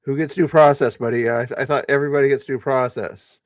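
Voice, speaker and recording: A man's voice: mid-range voice, steady tone, quick pace, dry recording. A man hosting a live news commentary stream, speaking in a sarcastic, scoffing way.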